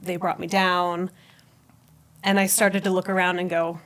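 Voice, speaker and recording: A woman guest on a podcast telling her personal faith story in conversation. She is an animated storyteller who laughs often and acts out what she said at the time. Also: fairly low pitch, measured pace.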